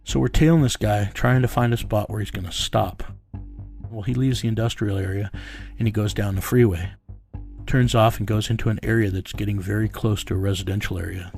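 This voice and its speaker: A man's voice: fairly low pitch, fairly even intonation, brisk, creaky, darkish tone, soft background music. A man bluntly telling his own story in a casual interview, often repeating words as he restarts. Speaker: bounty hunter guest telling his story.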